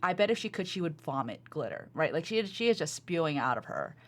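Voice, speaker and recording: A woman co-hosting a casual podcast, chatting in an animated way with lots of fillers. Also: sits low, fast talker. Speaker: podcast co-host. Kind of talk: casual chat.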